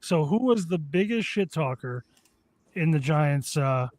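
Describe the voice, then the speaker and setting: A man's voice: a little high, animated, darkish tone, dry recording. A man hosting a podcast, asking a guest questions with a few stumbling starts. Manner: quick, stumbling lead-ins. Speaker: podcast host. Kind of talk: interview questions.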